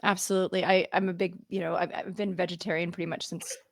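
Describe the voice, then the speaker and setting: A woman's voice: lowish voice, little pitch movement, fast, creaky, dry recording, clean studio sound. A woman hosting a podcast in casual interview chat, chatty and laughing often, with frequent restarts. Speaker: podcast host.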